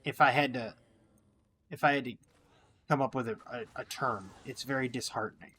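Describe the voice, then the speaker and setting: A man's voice: medium pitch, steady tone, moderate pace, pushed and bright, a little hiss or hum. A man hosting a gameplay video, musing at length in a reflective, opinionated, rambling way. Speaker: gaming channel host. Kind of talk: casual gameplay commentary with musings.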